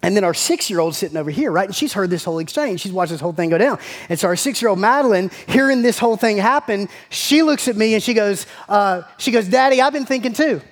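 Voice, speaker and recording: A man, preaching a sermon and telling a family story in a folksy, animated way. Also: high voice, fast, hardly any pauses. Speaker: pastor.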